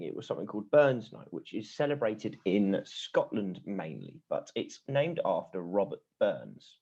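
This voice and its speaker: Lively teacher man, muffled recording. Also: fairly low pitch, vocal fry. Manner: chatty, with many ums and lively ups and downs. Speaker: primary school teacher. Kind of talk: class assembly presentation.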